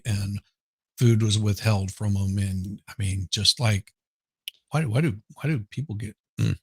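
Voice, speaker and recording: A man's voice: fairly low pitch, husky, no room sound. A man appearing as a guest on a casual livestream chat over a video call, rambling and trailing off mid-sentence.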